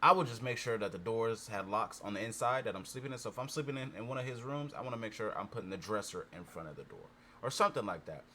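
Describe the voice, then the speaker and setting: Rambling man thinking out loud. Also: lowish voice, lively intonation, fast, a little hiss or hum. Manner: rambling, profane, thinks aloud. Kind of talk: casual chat.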